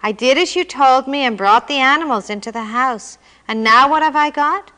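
A woman's voice: high voice, moderate pace, pushed and bright, in a large hall. A woman voicing a desperate poor man who pleads and complains, reading him aloud in a story. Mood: pleading. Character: desperate poor man at his wits' end.

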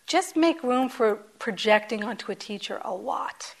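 Gentle woman giving a meditation talk. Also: on the high side, expressive, normal speed, vocal fry, few pauses. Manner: gentle and conversational, with many soft asides and whispered phrases. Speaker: meditation teacher. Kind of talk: dharma talk. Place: meditation hall with a group.

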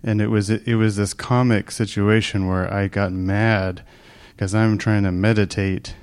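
A man with a very deep voice shares a personal story with a meditation group. He speaks softly and haltingly, and sometimes breaks off mid-thought as emotion comes through. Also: little pitch movement, smooth. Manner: halting, soft-spoken, emotional. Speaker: group participant sharing a story.

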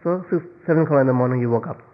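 A Buddhist meditation teacher giving a dharma talk in simple, non-native English, playfully acting out little everyday scenes. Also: male voice, medium pitch, rapid-fire. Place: meditation retreat hall. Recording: tinny lo-fi recording with long hall reverb.

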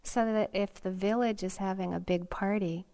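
A woman's voice: medium pitch, fairly even intonation, gravelly. Reflective woman giving a meditation talk. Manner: unhurried and reflective, with frequent ums and soft laughs. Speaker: meditation teacher. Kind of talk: dharma talk. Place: meditation retreat hall.

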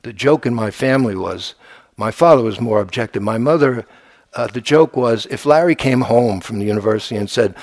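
A man's voice: on the low side, a little fast, dry recording, clean studio sound. A man giving a dharma talk as a meditation teacher, in a conversational, humorous way with frequent restarts. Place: meditation retreat center.

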